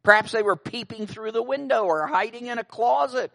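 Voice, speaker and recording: A man's voice: extremely high pitch, fairly quick, creaky, few pauses, pushed and bright. A middle-aged male pastor preaching a sermon, telling stories with wry asides.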